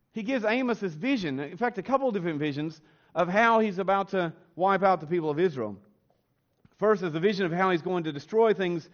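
A male pastor with a notably high voice preaches a church sermon, speaking earnestly and pushing his pitch and force higher on emphatic lines. The recording sounds slightly dull and lo-fi.

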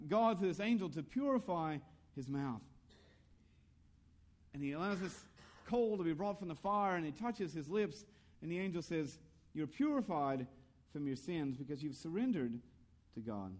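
An earnest male pastor preaching with a slightly high voice. He leans into rhetorical questions and personal stories, lifting his voice for emphasis. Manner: storytelling about his own youth. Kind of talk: sermon.

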